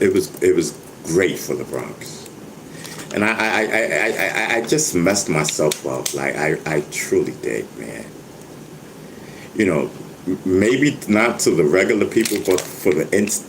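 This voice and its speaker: A man's voice: a bass voice, vocal fry, noisy background. An older man, talking casually to his viewers, stammering, repeating words and laughing often. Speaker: vlogger, rapper. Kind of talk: casual livestream monologue.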